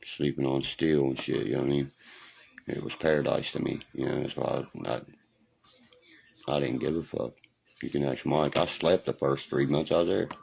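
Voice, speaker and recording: A man's voice: rumbling low, fairly even intonation, moderate pace, creaky, a little mellow, rough recording. A middle-aged man talking on a home livestream into a phone, rambling and profane, forever asking whether you know what he means. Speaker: livestream host.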